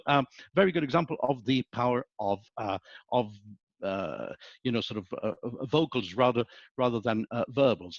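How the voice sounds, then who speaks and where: Here a middle-aged man who teaches at a business school gives a webinar lecture in a medium-pitched voice with vocal fry. His delivery is animated and anecdotal, punctuated often by "okay?". The sound is dull, with no room sound.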